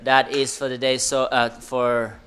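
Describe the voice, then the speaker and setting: Excitable male surf commentator. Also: mid-range voice, unhurried, clean tone. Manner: excitable, loose grammar, chatty asides. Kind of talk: live sports commentary.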